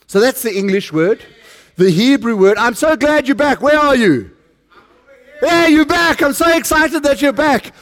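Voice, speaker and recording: A middle-aged South African man preaches with a notably high-pitched voice. He talks to his congregation in a loose, chatty way and slips jokes in between points. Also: lively intonation, measured pace, a bit bright. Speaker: pastor. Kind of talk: sermon.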